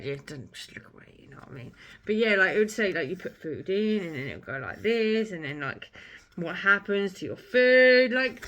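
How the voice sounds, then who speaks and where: Old children's books are the subject as this young vlogger chats with her audience, her mid-range voice a little bright. The tone is casual and gushing, packed with filler words.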